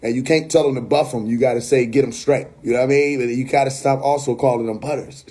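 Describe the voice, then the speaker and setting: Man, New York accent, husky voice, blunt, casual livestream rant. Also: mid-range voice, fairly even intonation, fast, a little mellow. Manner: blunt, profane, laughing asides. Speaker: livestream host.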